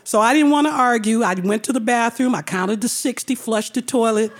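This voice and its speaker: Animated woman storyteller, fairly high voice, quick to laugh. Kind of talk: personal storytelling.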